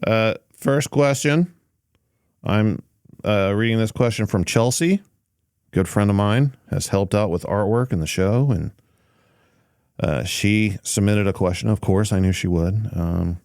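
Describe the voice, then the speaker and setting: A very deep-voiced man hosts a casual podcast chat, easygoing and thinking aloud, often pausing on fillers and restarting sentences. His voice is close and dry, with no room sound. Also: a little mellow, clear, resonant tone, no room sound. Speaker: podcast host.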